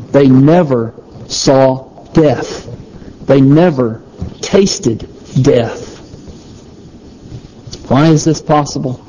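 A man preaching a sermon, slow and emphatic, repeating key phrases over and over. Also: on the high side, warm tone, lo-fi sound. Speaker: pastor.

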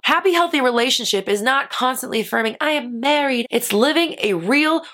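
Bright-voiced blunt woman coach. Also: on the high side. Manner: blunt, animated, acts out worried inner voices. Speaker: manifestation coach and host. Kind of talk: casual motivational talk.

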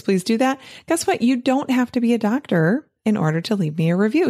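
Medium-pitched with a dark tone, this middle-aged woman is recorded cleanly in a studio without echo. A physician coach hosting a solo podcast, she chats casually and animatedly and pleads playfully with her audience.

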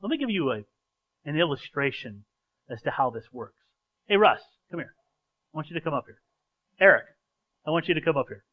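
A pastor preaches a sermon featuring a live stage illustration, earnest and conversational, often repeating words as he restarts his sentences. His fairly high voice swings widely in pitch, moves a little fast with long pauses, and the recording is muffled.

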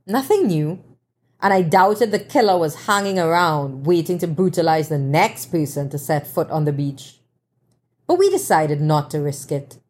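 A woman narrating a first-person novel in a measured, wry way. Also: deep voice, expressive, a little mellow. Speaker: audiobook narrator.

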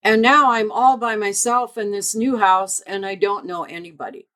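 A woman guest on a podcast, explaining dog behavior in a measured, deliberate way as an expert. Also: mid-range voice, steady tone, fairly bright tone. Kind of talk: explanatory interview answers.

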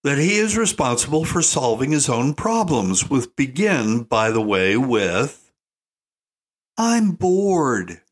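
A man's voice: mid-range voice, animated, unhurried. An older man giving an opinionated monologue as a parenting commentator, folksy and emphatic, calling listeners "folks". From United States.

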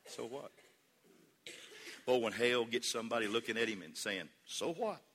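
A male pastor delivering a sermon, moving from easy conversational talk to loud, rhythmic preaching. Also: mid-range voice, steady tone, normal speed, a little hiss or hum. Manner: builds from conversational to shouting, preacher cadence. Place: church sanctuary. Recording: long hall reverb.

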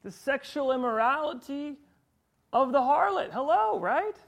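A man preaching a sermon in an animated way, throwing rhetorical questions at his listeners. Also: extremely high pitch, measured pace, gravelly.

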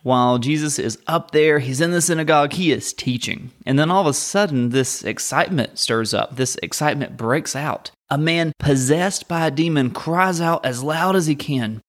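Man, slightly higher voice, Bible teacher, conversational, dry humor. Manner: conversational with wry asides.

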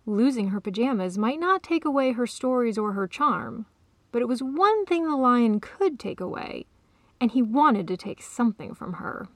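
A woman author reading her own short story aloud in a calm, even storytelling manner. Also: fairly high pitch, normal speed, dry recording. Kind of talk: storybook narration.

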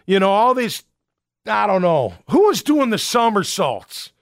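A man's voice: sits high, very animated, a little slow, dry recording, clean studio sound. A man hosting a sports talk show, giving fired-up, emphatic, rambling opinions.

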